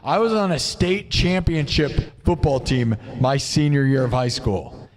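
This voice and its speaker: A livestream music host from Iowa in the United States, this man in his thirties has a mid-range, expressive voice, a measured pace and a sore throat. He chats casually and boastfully, peppering his talk with "dude" and "bro."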